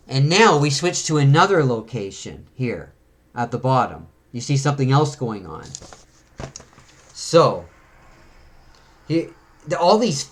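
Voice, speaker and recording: A man in casual conversation, reading a comic book aloud and dropping into quick little voices for its characters as he goes. His voice sits at a middle pitch. He talks in an easy, chatty way. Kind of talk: casual read-through of a comic.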